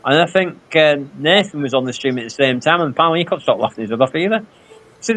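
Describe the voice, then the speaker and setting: A man's voice: a little high, expressive, very fast, a bit bright. A man, telling rambling stories full of quoted dialogue on a casual live stream. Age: 50s. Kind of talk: casual chat.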